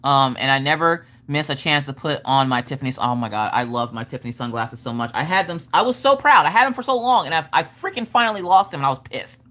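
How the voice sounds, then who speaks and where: A woman hosting a casual livestream, telling animated stories from home, swearing casually and laughing often. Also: low voice, fast talker, hardly any pauses. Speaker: livestream host. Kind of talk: casual chat storytelling.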